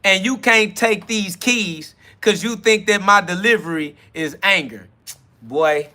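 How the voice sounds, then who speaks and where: A man's voice: high-pitched, expressive, takes it slowly, sharp tone. A man hosting a spiritual self-talk podcast, delivering a heated, profane monologue aimed at his critics, stretching out key words for emphasis. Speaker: podcast host.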